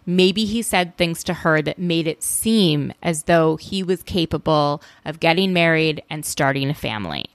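A woman hosting a solo recap podcast in a casual, opinionated way. Her voice sits low with plenty of vocal fry. The sound is dry and close, and she talks with an exasperated edge. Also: a bit bright, no echo. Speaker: podcast host.

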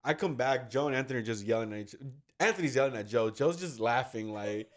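A man's voice: medium pitch, lively intonation, fast talker. A young man rattles off a story at speed. His talk is loose and rambling, with plenty of fillers and casual swearing.

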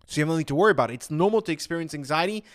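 A man's voice: fairly high pitch, animated, racing. A man talking casually as an anxiety coach, retelling his own past thoughts in a chatty way. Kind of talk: casual motivational talk.

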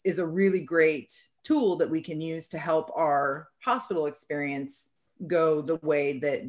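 A woman hosting a casual podcast chat, talking in an encouraging, conversational way and often restarting her phrases. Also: lowish voice. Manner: encouraging, conversational, repeats words when restarting. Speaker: host.

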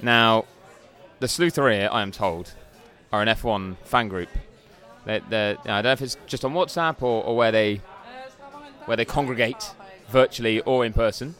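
A man's voice: medium pitch, normal speed, fairly bright tone. A man co-hosting a podcast from a bar, wry and rambling as he tells a story in casual banter. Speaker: podcast co-host.

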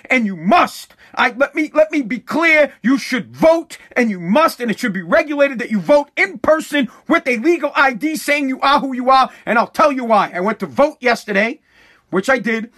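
Profane, animated man ranting. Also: very high-pitched, normal speed. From Massachusetts. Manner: profane, animated, repeats himself. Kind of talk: casual rant monologue.

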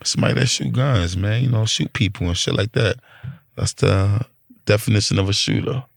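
Gravelly, blunt New York man. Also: on the low side, brisk, no room sound. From Brooklyn, New York. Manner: blunt, profane street talk. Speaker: rapper interviewee. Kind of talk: casual storytelling.

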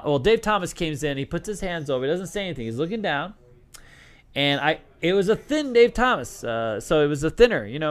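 Middle-aged man, ex-casino dealer, casual rambling talk, lots of ums and restarts, slightly high voice. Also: smooth. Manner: rambling, many fillers and restarts. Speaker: former casino craps dealer answering questions. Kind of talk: casual storytelling Q&A.

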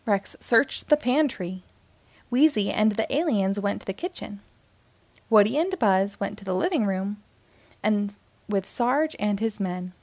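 A woman reading a children's picture book aloud in a gentle, measured storytelling manner, close to the mic. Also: mid-range voice, expressive, no echo.

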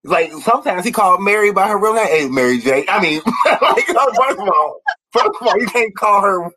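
A man's voice: sits high, normal speed, slight background noise, poor audio. A man, chatting casually about TV shows, laughing often and acting out lines from them. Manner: animated, laughs often, acts out quotes from shows.

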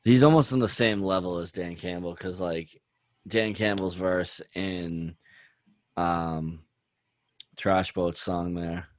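A man's voice: low voice, fairly even intonation, slow pace, no room sound. A man chatting casually about music, rambling with lots of "like" and "dude". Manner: rambling, heavy use of "like" and "dude".

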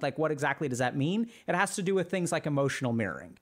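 A man hosting a podcast as a psychiatrist, explaining in an animated, casual way with lots of "like" and acted-out examples. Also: a little high, quick pace, hardly any pauses. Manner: animated, heavy use of "like", acts out examples.

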